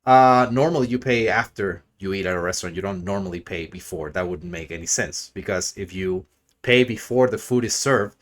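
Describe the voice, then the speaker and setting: A man's voice: low-pitched, brisk. A man streaming a crude, sarcastic, rambling rant in a mocking commentary style.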